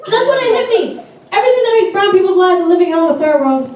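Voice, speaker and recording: A brash woman comedian delivers sardonic punchlines in a high voice. She is recorded from a distance in a very echoey club, with noise under her voice. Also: animated, fast talker, darkish tone. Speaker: stand-up comedian. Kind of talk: stand-up routine. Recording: echoey room, distant mic, noisy.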